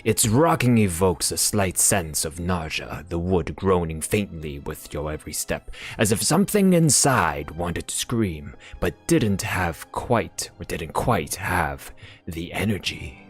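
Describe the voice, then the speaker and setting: A man with a very deep voice reads a game's story text in a slow, measured, brooding way. His let's-play narration carries a dramatic weight, with faint music playing underneath. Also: very animated, breathy edge.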